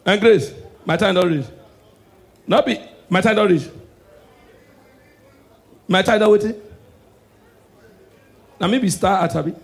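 Nigerian male stand-up comic, high voice, loud punchlines. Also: unhurried, vocal fry, long pauses. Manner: shouting punchlines, mock-preacher delivery. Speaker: stand-up comedian. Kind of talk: stand-up comedy in pidgin.

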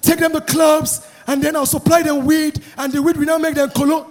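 Comedian doing a high-voiced pop star with a fake American accent that keeps slipping into Nigerian, lazy and full of fillers. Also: male voice, little pitch movement, fairly quick, music in the background. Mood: drawling. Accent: Nigerian English slipping into put-on American. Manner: laid-back, drawling, filler-heavy. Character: impression of a male Nigerian pop star faking an American drawl.

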